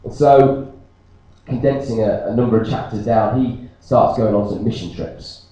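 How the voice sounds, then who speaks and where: Joking British pastor in an echoey church. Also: male voice, medium pitch, normal speed, distant mic, muffled recording. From Britain. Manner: jokey, animated storytelling. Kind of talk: sermon with personal story.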